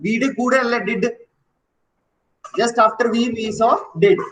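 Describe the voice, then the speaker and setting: Fast-talking high-voiced male teacher. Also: steady tone, a bit bright, slight background noise. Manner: quizzing students with rapid questions; mixing English with Malayalam and Hindi. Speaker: English grammar teacher. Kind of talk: classroom grammar lesson. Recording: echoey classroom.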